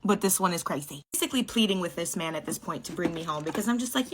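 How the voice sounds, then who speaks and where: A woman's voice: medium pitch, quick pace, hardly any pauses, a bit bright, a little hiss or hum. A young woman telling a story casually and bluntly, with frequent swearing and lots of filler words. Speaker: storytime vlogger.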